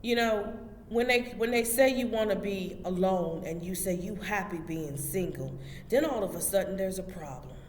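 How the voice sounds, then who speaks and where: A woman's voice: medium pitch, normal speed. A woman hosting a motivational spiritual talk, preaching emphatically and addressing her listeners directly. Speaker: host. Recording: echoey hall with faint background noise.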